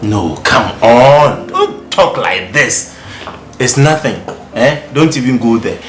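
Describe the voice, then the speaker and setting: Guy doing a laid-back dad calming his son down, animated voice, echoey room with music behind. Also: medium pitch, moderate pace, close to an everyday voice. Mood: reassuring. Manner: soothing, repeats himself, teasing. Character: easygoing middle-aged father, joking about women. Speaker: father consoling his son. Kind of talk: Ghanaian movie acting.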